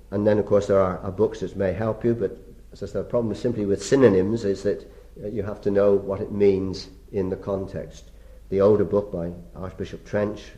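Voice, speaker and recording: An older man teaching on scripture in a deliberate, pausing way, with frequent restarts and rising pitch for emphasis. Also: a little mellow, highs cut off. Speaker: Bible teacher.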